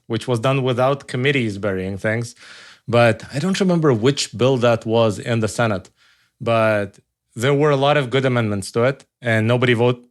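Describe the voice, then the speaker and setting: Male interviewer, mid-pitched, measured and curious. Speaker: podcast host. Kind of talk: casual interview talk.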